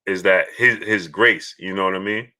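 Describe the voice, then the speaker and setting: Man, live stream host, casual chat, bright forceful tone, lower pitch, halting, lots of fillers. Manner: halting, many fillers, bursts of excited yelling at a game. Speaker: live stream host reading super chats.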